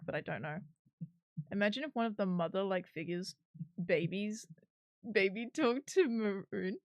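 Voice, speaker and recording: A woman's voice: mid-range voice, dry recording, clean studio sound. A woman streamer chatting casually while she works on a 3D model, giggly and swearing now and then.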